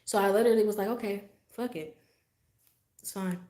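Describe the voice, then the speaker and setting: A woman hosting a livestream, telling a story in a casual, profane, animated way, with frequent asides to her viewers. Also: mid-range voice, a little fast. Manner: animated, profane, acts out her own reactions. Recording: roomy echo.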